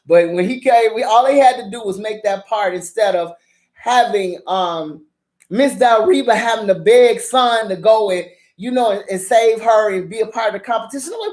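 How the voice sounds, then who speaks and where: Speaking a little slowly in a mid-range voice, a woman who vlogs drama reviews casually rants through her recap of a TV drama's scenes. She swears, stays animated, and breaks into laughter often.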